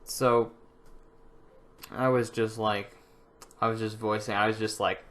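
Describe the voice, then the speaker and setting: A man's voice: fairly low pitch, flat delivery, a little slow, fairly bright tone. Young man, vlogger, casual storytelling, rambling, lots of fillers and restarts. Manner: rambling, frequent fillers and restarts, laughs at own stories.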